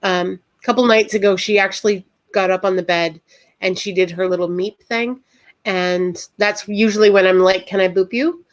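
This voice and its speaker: A woman guest in a casual chat, rambling between thoughts and getting animated when excited. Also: medium pitch, moderate pace.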